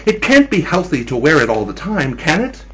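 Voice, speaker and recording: A man's voice: fairly high pitch, wildly swooping pitch, fairly quick, fairly bright tone, breathy edge, exaggerated voice, poor audio. A man voicing a young husband who pleads with his bride and then commands her sternly, in a spooky story. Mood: pleading. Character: young husband, loving but growing stern and angry.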